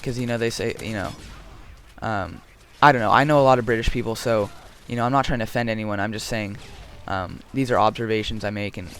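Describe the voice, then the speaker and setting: A man's voice: lowish voice, brisk, fairly bright tone. Guy rambling through a game commentary, jokey, lots of ums, faint hiss behind. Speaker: gaming commentator. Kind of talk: casual gameplay commentary.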